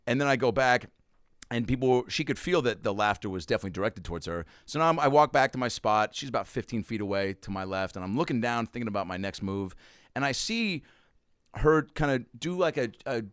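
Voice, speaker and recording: A comedian guest tells a stand-up story in casual conversation, acting out the quotes with big leaps in his voice. His mid-range voice is lively, slightly bright, and a little fast. The sound is clean studio audio without echo.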